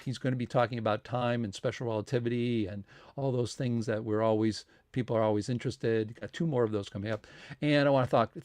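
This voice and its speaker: A man's voice: medium pitch, darkish tone, no echo. Guy hosting an online science talk, midrange voice, rambles with lots of uh and um, dry close sound. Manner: rambling, with many fillers, restarts and asides. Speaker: host of a science society talk series. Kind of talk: casual spoken introduction and appeal for donations.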